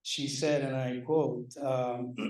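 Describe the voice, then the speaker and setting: Here the department chair's mid-range voice is expressive and darkish, with drawn-out words. He presents student awards at a banquet in a large hall, keeping the ceremony speech loose, jokey and self-deprecating. The recording is echoey, with the mic well off.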